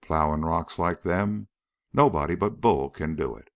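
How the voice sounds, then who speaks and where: A man's voice: low voice, animated, unhurried, dull audio. A man voicing an easygoing young backwoods farmhand with a folksy drawl. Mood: grumbling, easygoing.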